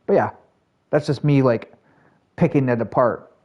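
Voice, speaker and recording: A man streaming a shooter game, chatting casually with his viewers in a rambling, filler-heavy way that jumps to excited highs. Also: moderate pace, dull audio. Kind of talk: casual live-stream gameplay chat.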